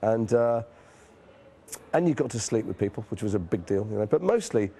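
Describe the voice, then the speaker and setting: Being interviewed as an actor, a northern English man in his forties shares reflective stories that are candid, self-mocking, and peppered with casual swearing. His voice sits lowish, mellow and husky, and he sounds animated while keeping a normal speed.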